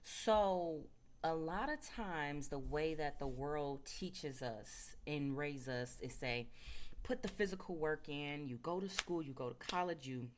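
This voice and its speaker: Low-voiced chatty woman storyteller. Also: measured pace, slight background noise. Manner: loose, filler-heavy, chatty. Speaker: spiritual speaker. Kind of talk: casual storytelling talk.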